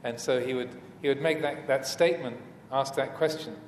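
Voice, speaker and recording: This Buddhist monk teaches at normal speed with few pauses, his voice in the mid range. His dharma talk is hesitant, marked by fillers, restarts and gentle jokes, recorded in an echoey hall with faint room noise.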